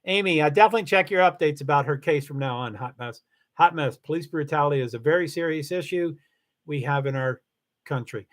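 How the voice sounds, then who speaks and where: Brisk and on the high side, this middle-aged livestream host chats loosely with viewers as he reads their messages. He rambles, keeps restarting, and lets a curse slip now and then when worked up.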